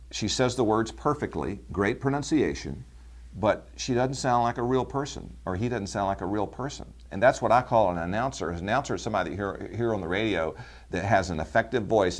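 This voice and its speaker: A middle-aged man who directs a voice agency, talking casually with fillers and restarts, sometimes mimicking a stiff announcer cadence. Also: deep voice. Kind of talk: promotional talk to camera.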